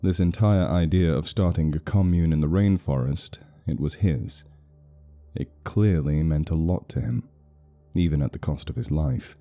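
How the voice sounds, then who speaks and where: A man narrating a scripted horror story in a steady, measured way. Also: rumbling low, faint music behind.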